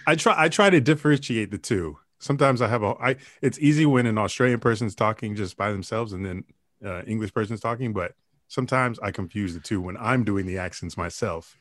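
A man's voice: on the low side, fairly quick, no echo. A young man, chatting casually with a wry, dry humor. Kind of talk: casual chat.

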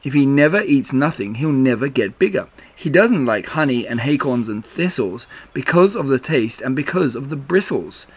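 A man voicing a kindly, simple young male bear in a storybook reading, gentle and earnest. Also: medium pitch, lively intonation, normal speed, hardly any pauses, slightly rough.

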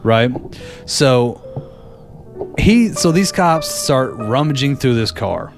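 A man's voice: medium pitch, takes it slowly, vocal fry, over music. A man calling in to a show, telling a story casually, laughing often and acting out the lines of the people in it. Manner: animated, laughs often, acts out others' lines. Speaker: caller. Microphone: phone call-in.

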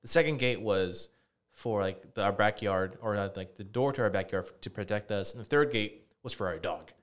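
A man's voice: on the low side, a little fast. A man co-hosting a podcast, telling a rambling story in casual chat with lots of fillers and swearing. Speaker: podcast co-host.

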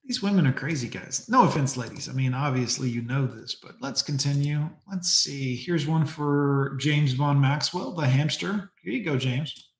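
A man's voice: a little high, lively intonation, moderate pace, hardly any pauses, roomy sound. A man streaming live, mocking clips with sarcastic commentary and talking to his chat.

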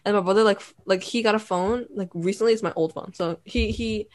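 A woman's voice: medium pitch, brisk, darkish tone, no room sound. A young woman co-hosting a podcast, telling a sibling story in casual chat, giggling and using many fillers. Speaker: podcast co-host.

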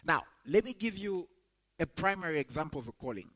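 A young man delivers a sermon with a fairly high-pitched voice. He leans hard into the scripture he quotes, his pitch climbing with emphasis. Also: big pitch swings, fairly quick, fairly bright tone, rough recording. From Zambia. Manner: emphatic, rises sharply when quoting scripture. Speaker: preacher.

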